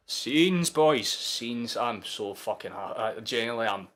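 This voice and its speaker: A Scottish man in his twenties giving sweary, excitable live commentary while hosting a football watchalong stream. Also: mid-range voice, slow pace, faint music behind. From Scotland. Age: 20s. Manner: excitable, sweary, shouting at big moments.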